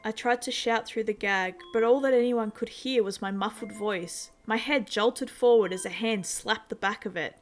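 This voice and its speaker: A woman narrating a horror story in a measured, steady storytelling manner. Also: fairly high pitch, faint music behind.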